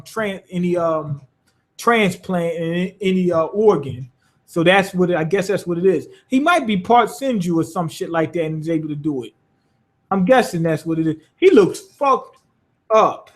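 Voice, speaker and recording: Guy with a high voice riffing on a manga chapter, loose, lots of cussing. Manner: rambling, profane, loose and amused. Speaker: manga reviewer. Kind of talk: casual chapter review.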